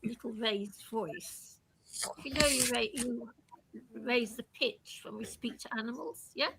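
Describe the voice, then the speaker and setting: A woman's voice: on the high side, a little slow, gravelly, noisy background. An older woman chatting casually in a group discussion, laughing often.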